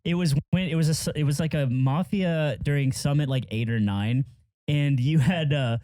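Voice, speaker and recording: A man in his thirties with a fairly high voice rambles through a story among friends, stopping and restarting. The sound is dry and close. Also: normal speed, mellow, no room sound. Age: 30s. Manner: rambling storyteller, many fillers. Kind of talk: casual chat among friends.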